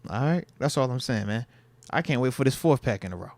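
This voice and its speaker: A man co-hosting a casual sports podcast, animated and slangy, repeating his phrases for emphasis. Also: mid-range voice, a little fast, gravelly, dry recording. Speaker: podcast co-host, former player.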